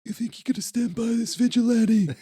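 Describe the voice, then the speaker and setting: A man putting on the voice of a doubting police chief with a breathy, wispy voice. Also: very high voice, steady tone, fairly quick, mellow, no room sound, studio quality, pitched above the performer's own voice. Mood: scornful.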